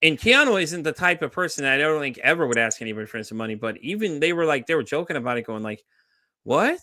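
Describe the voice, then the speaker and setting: Bright-voiced man telling animated stories. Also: a little high, fast, no echo, studio quality. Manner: animated storytelling, acts out quoted voices, swears freely. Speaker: podcast host. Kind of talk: casual podcast chat.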